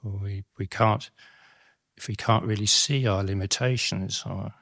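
A middle-aged man giving a Dhamma talk as a Buddhist monastic teacher, reflective and halting, with many restarts and tag questions. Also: fairly low pitch, steady tone, vocal fry, fairly bright tone, no echo, studio quality.

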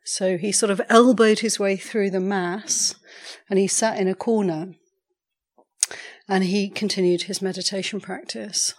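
Woman meditation teacher telling a story, slow and measured, clears her throat sometimes. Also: mid-range voice, fairly even intonation. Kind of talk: storytelling dharma talk.

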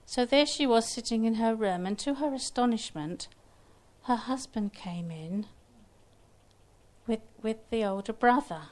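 A woman storyteller telling a folktale aloud in an unhurried, gentle way with small restarts. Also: fairly high pitch.

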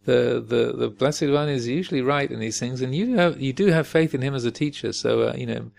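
A man voicing a gentle, persuasive queen in a coaxing way. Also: medium pitch, a little fast, creaky.

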